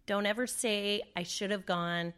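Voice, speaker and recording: A woman's voice: medium pitch, fairly even intonation, unhurried, a bit bright, smooth. A middle-aged woman speaks as an interview guest, telling a personal story in a loose, conversational way. She leans on fillers and plays back the words people said at the time. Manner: conversational, with fillers and re-enacted dialogue.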